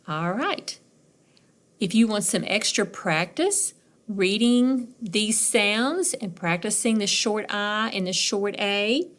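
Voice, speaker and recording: A middle-aged woman teacher giving a recorded reading lesson for young children, patiently sounding out words. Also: mid-range voice.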